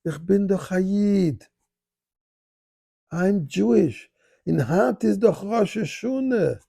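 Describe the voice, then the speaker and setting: A man's voice: a little high, animated, unhurried, vocal fry, warm tone, slightly rough, voice pushed up, full character voice. A man voicing a prison guard from Quebec who answers plainly, mixing Yiddish and English. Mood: earnest. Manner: plain, matter-of-fact replies mixing French, Yiddish and English. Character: Quebec prison guard, man, quietly proud of being Jewish.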